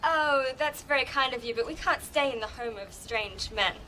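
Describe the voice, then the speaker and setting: A sweet Australian volleyball player. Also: female voice, high voice, normal speed, bright, forceful tone, a little hiss or hum, low-quality recording. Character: sweet, polite young Australian woman athlete. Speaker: visiting beach volleyball player. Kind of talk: sitcom acting.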